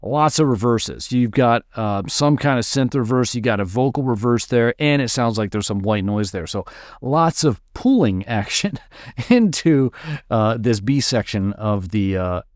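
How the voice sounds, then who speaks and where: A man teaching music production in a relaxed, upbeat way, walking through a dance track and sometimes mimicking its sounds with his voice. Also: medium pitch, a little slow, dry recording, studio quality. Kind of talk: screen-recorded music production tutorial. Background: dance track playing faintly.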